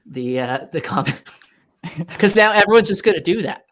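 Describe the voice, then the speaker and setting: A man's voice: high voice, expressive, normal speed, a bit bright, a little hiss or hum. A man guest on a casual podcast, laid-back and rambling, swearing casually. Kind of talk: casual chat.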